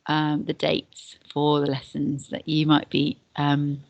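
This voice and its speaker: A woman's voice: sits low, monotone, slow pace, gravelly, darkish tone, no room sound. A woman teacher giving a recorded beginner language lesson, explaining patiently and step by step, often repeating words to pupils. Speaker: deputy head and Spanish teacher.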